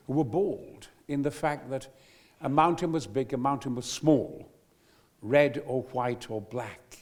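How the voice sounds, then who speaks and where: An older man, a guest actor, telling a long anecdote on stage at a live event with exuberant, theatrical flair and sudden booming outbursts. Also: animated, measured pace.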